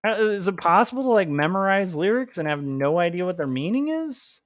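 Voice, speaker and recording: A man's voice: high voice, sing-song, fairly quick, dry recording, studio quality. A man chatting casually on his livestream while he draws comics, rambling, laughing often and filling his talk with "like". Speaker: comics artist livestreaming his drawing work.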